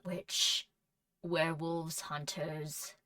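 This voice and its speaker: A woman running a tabletop role-play as game master, narrating scenes in a measured, descriptive way. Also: sits low, fairly even intonation, pushed and bright, dry recording, distant mic.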